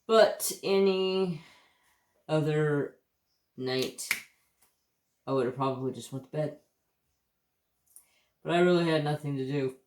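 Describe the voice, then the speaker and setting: A man's voice: on the high side, takes it slowly, pauses often, a little mellow, roomy sound. A man with an American accent hosting a casual livestream chat, rambling and swearing as he tells stories, with hiccups. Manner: rambling, profane, easygoing storytelling. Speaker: craft channel host.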